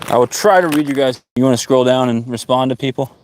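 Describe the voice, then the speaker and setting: A man's voice: mid-range voice, fast talker. A man chatting casually while fishing outdoors on a live stream, easygoing and teasing. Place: outdoors by freshwater. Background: wind.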